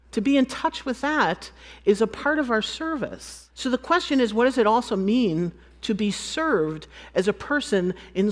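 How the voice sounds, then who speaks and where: A woman from the United States giving a storytelling conference talk, acting out bits of dialogue and laughing often. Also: a little high. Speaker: conference speaker.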